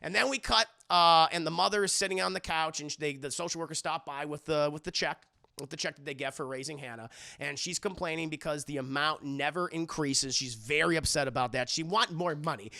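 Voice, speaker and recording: A young man recaps an episode for his live chat, excitable and profane. His voice sits on the higher side, with a bright, gravelly edge. The sound is close and dry. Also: a little fast, no room sound. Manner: excitable, profane, talks to chat, acts out characters. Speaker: streamer reviewing an animated show. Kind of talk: casual livestream recap commentary.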